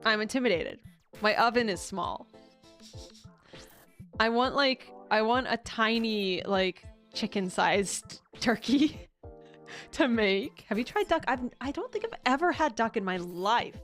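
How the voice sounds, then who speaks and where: A young woman with a fairly high voice chats casually to her stream. She rambles, swears freely and breaks into laughter often. Soft music plays faintly behind her. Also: lively intonation, a little slow.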